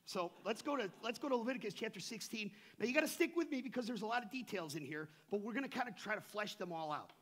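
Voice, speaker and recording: A middle-aged male pastor preaching a sermon in a church, conversational and full of slang, swinging between hushed asides and impassioned shouts. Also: sits high, animated, fast talker, few pauses. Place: church sanctuary.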